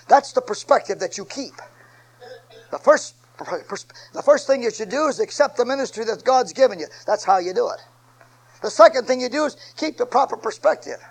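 A man preaches a fiery sermon in a high, ringing voice. He swings from low, confiding asides to loud, repeated phrases and drives his points home with force. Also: breathy edge, rough recording.

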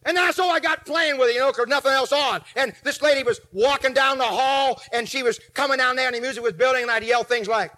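A man in his forties preaching a sermon, telling a story with animated swings from shouts to low asides. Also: fast, hardly any pauses. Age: 40s. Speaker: pastor.

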